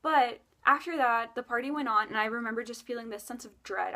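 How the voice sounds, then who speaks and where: Young woman rambling through a creepy story, lots of likes and restarts, kinda high voice. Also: fairly quick, sharp tone. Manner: rambling, with many fillers and self-corrections. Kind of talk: casual storytime vlog.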